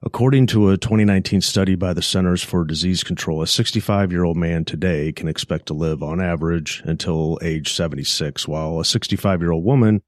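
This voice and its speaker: A man hosting a finance podcast, delivering a measured, plainspoken scripted monologue. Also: low voice, a little mellow, dry recording, studio quality. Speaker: podcast host, financial advisor.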